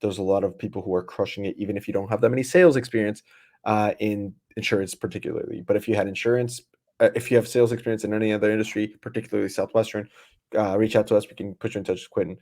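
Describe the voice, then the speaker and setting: A man's voice: on the low side, fairly even intonation, very fast, darkish tone. A man hosting a podcast in a laid-back, casual way with many fillers. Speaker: podcast host.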